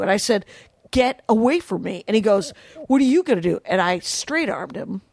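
A woman co-hosting a podcast tells a story in a casual, animated way, putting on quoted voices for the people involved. Her mid-range voice is gravelly and moves at a moderate pace, with a dry recording from a podcast studio.

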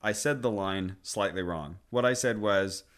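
A man's voice: fairly low pitch, unhurried, fairly bright tone. A man co-hosting a podcast, chatting casually and telling a rambling, self-deprecating story with little chuckles. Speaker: podcast co-host. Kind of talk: casual chat.

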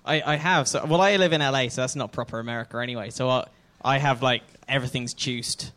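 Bright-voiced British man quipping on a panel. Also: mid-range voice. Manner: quick, dry quips. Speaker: comedy panel contestant. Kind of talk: live comedy panel banter.

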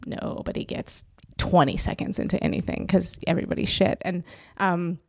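A woman comedian talks casually in a studio, spinning animated stories. She laughs often as she goes. The sound is dry and close. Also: on the low side, moderate pace, slightly rough, no room sound. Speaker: guest comedian. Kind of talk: casual conversation.

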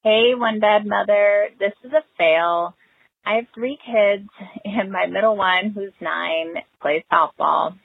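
A mother with a medium-pitched, creaky voice leaves a voicemail confessing a rueful, self-mocking story about her own parenting slip. The recording is a tinny phone-line voicemail with no echo.

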